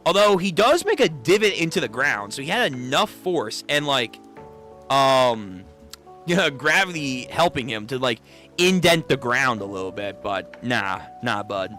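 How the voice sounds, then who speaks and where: Lively, bright-voiced man reacting. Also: medium pitch, measured pace, soft background music. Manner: animated, swears freely, exclaims in disbelief. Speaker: manga read-through reactor. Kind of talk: casual reaction commentary.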